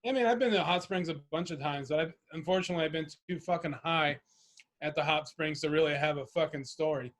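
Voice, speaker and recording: A man's voice: fairly high pitch, fast talker, fairly bright tone. A man co-hosting a podcast in casual chat, laughing, swearing and stumbling over his words. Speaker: podcast co-host.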